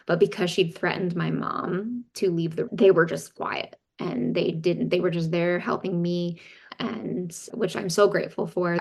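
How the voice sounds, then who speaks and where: A woman recounts a personal story as a podcast guest, candid and detailed. Her voice sits on the low side with a gravelly fry. She relays what others said along the way. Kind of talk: casual storytelling.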